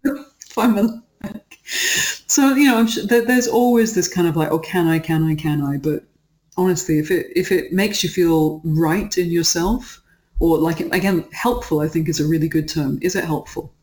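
A guest talking casually in an interview, chatty and animated, often saying "like". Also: medium pitch, moderate pace, roomy sound. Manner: chatty and animated, with frequent "like" fillers and laughter.

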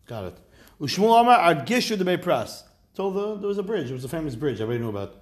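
A man with a fairly high voice teaching a Talmud class in a relaxed way. He reads the Aramaic text, then explains it in plain talk with dry, joking asides. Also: quick pace.

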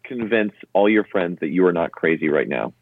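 Low-voiced man asking questions and restarting his sentences, tinny phone-quality sound. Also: animated, normal speed, dry recording. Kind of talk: casual group chat.

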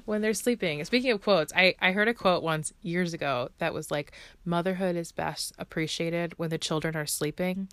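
A woman's voice: lowish voice, a bit bright, no room sound. Emotional, heartfelt woman podcast host. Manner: heartfelt, emotional, with frequent laughs. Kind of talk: personal podcast monologue.

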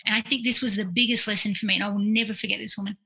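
A woman, a clinical psychologist, telling stories in a casual, animated way, full of fillers and quoted asides. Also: mid-range voice, racing, gravelly, low-quality recording. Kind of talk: casual storytelling in conversation.

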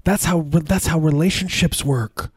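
Man, deadpan comic co-host, slightly husky voice, dry close sound, loose casual riffing. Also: on the high side, a little slow, no room sound. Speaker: podcast co-host. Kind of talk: casual comedic banter.

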